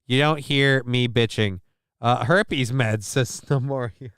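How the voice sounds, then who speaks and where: A man's voice: medium pitch, slow, fairly bright tone, clear, resonant tone, no room sound, studio quality. Crude joking male stream host. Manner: crude, joking, reads chat aloud. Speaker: show host. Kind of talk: live-stream news commentary.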